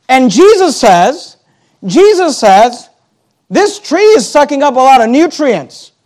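A man preaching a sermon, emphatic, slowing down on key words, repeating phrases and turning to the congregation with asides. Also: extremely high pitch, darkish tone.

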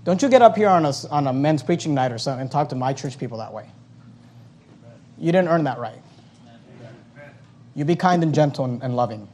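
Middle-aged man, pastor, fervent sermon delivery, a touch higher-pitched than most men. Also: animated, brisk, pauses often. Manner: fervent, emphatic preaching that swings loud, then soft in prayer.

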